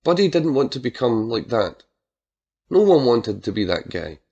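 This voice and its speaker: A man reading a dark crime story aloud as narrator, measured and dramatic. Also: medium pitch, big pitch swings, slightly rough, highs cut off. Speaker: audiobook narrator.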